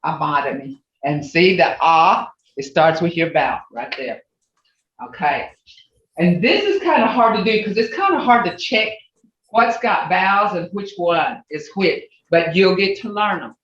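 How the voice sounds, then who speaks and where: A language teacher leading a class over a video call, explaining step by step, patiently and slowly, and correcting mistakes out loud along the way. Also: mid-range voice, expressive, a little hiss or hum. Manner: self-correcting, with asides. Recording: roomy, distant, dull video call audio.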